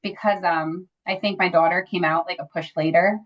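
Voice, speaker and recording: A woman's voice: lowish voice, moderate pace. A woman guest in a casual interview, telling a personal story with lots of fillers like "like" and "you know.". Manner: animated when acting out quoted dialogue. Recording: slightly dull lo-fi audio.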